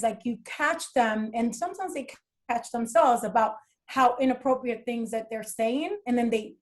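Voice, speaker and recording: A woman talking casually as a podcast guest, lively and animated as she tells stories. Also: on the high side. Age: adult with children. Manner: animated, acts out dialogue from her stories. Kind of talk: casual interview talk.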